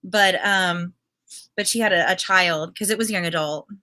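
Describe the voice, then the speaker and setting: A woman's voice: lowish voice, normal speed, sharp tone, dry recording. A woman co-hosting a casual book chat, giving blunt, exasperated opinions with some hesitation. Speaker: co-host.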